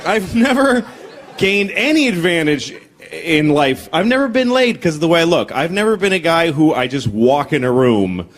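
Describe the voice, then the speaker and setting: A man in his forties performs a stand-up set for a live audience, telling blunt, crude, self-deprecating stories. His voice is on the high side with lively intonation at a normal speed, and crowd laughter is heard on the live stage recording.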